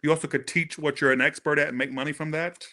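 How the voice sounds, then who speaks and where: Bright-voiced chatty man. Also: on the high side, level tone, fast. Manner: casual and chatty, thanking viewers, swearing, turns emotional and tearful. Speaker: tarot reader. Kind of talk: live-stream tarot reading.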